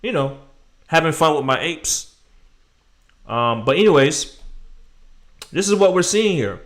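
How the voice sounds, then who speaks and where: A man's voice: fairly high pitch, animated, unhurried. A man hosting a live stream, talking casually and rambling animatedly to his viewers.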